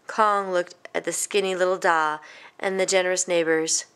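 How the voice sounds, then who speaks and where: A woman's voice: on the low side, steady tone, normal speed, fairly bright tone, smooth. Woman reading a picture book aloud. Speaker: storybook reader.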